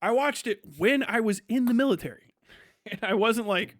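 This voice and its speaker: A man's voice: sits high, moderate pace, no echo, studio quality. A young man who is a streamer, ranting profanely and heatedly, with mocking impressions of others. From United States. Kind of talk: ranting livestream monologue.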